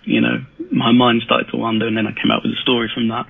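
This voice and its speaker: British man with a husky, tinny voice. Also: mid-range voice, little pitch movement, fast talker, no echo. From Britain. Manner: rambling, hesitant, many fillers and restarts. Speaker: manga artist guest. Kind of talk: casual podcast interview. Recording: husky voice over a tinny phone-like call line.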